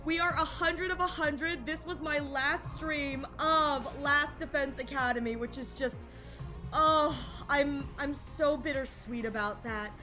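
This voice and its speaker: Woman streamer, high bright voice, unhurried, emotional and gushing, faint game music behind. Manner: gushing, emotional, repeats herself. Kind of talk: casual live-stream chat.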